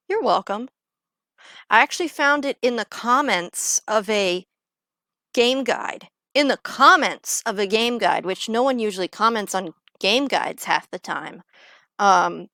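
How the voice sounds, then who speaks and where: A woman's voice: mid-range voice, fairly bright tone, no room sound, clean studio sound. A woman chatting casually on a livestream as she plays, rambling along with lots of filler words. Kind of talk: casual livestream chat while gaming.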